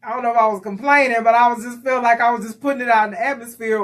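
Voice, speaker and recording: A woman's voice: a little high, fast talker, few pauses. A middle-aged woman co-hosting a faith-based radio talk show, telling stories and acting out the dialogue. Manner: animated storyteller who acts out quoted dialogue.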